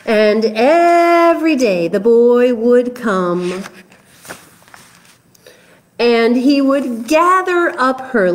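A woman, a children's librarian, reading picture books aloud at story time in an animated, coaxing way. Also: a little high.

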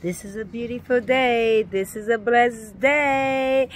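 A woman's voice: on the high side, slow pace, few pauses. A woman vlogger greeting her viewers in a sing-song way, repeating blessings and affirmations. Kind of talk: casual vlog greeting with spiritual affirmations.

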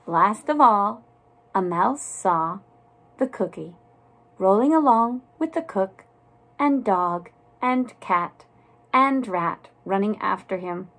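A woman reading a children's storybook aloud in a soft, deliberate narrating voice. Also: medium pitch, expressive. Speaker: storybook reader.

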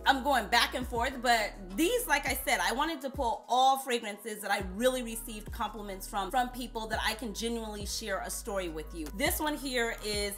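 A woman's voice: a little high, normal speed, hardly any pauses, a bit bright, soft background music. A woman vlogger telling chatty, playful stories straight to her viewers. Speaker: beauty vlogger. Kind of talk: casual storytelling vlog.

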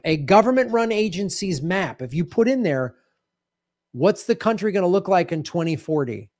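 A man's voice: sits high, no room sound, studio quality. Indignant man ranting political commentary. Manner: indignant, sarcastic, swings between loud and muttered. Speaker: show host.

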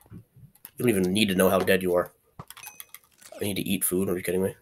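Low-voiced man joking through gameplay. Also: level tone, brisk, long pauses. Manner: chatty, playfully trash-talking, bursts into loud frustrated yelps. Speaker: gaming channel host. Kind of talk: casual gameplay commentary.

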